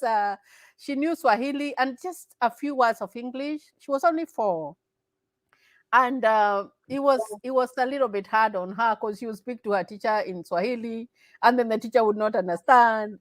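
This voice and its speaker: A woman's voice: fairly high pitch, fairly bright tone, dry recording, rough recording. Earnest Kenyan-born woman, dry close sound. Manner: earnest, repeats herself, laughs often. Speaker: interview guest. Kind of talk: casual interview conversation.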